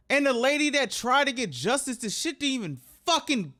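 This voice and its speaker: A man reacting to a video in casual commentary. He sounds agitated and swears often, and his pitch swings widely up and down as he exclaims and questions. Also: very animated, brisk, few pauses, sharp tone.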